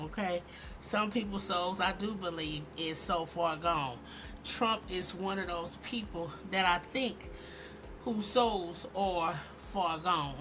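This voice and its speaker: A woman hosting a commentary vlog, talking in an animated, emphatic and sarcastic way. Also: medium pitch, noisy background. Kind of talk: opinionated commentary.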